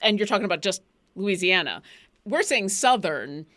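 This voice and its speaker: A woman's voice: mid-range voice, lively intonation, normal speed, a bit bright. Woman, tabletop actor, casual rambling chat, lots of ums. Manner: rambling, many fillers and restarts. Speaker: actor and player on a tabletop show.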